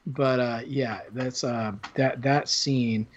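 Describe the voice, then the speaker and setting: A man's voice: mid-range voice, steady tone, slow pace, lo-fi sound, a little hiss or hum. A man hosting a podcast, talking about films in a casual, rambling way with lots of fillers and restarts. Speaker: podcast host. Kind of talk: casual film discussion.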